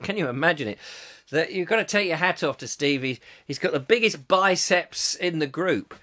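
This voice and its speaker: A man's voice: fairly high pitch, lively intonation, moderate pace, pushed and bright. A man hosting a comic live chat show, rambling playfully and reading out viewer comments on a live stream from home. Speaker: host. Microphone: webcam, live stream.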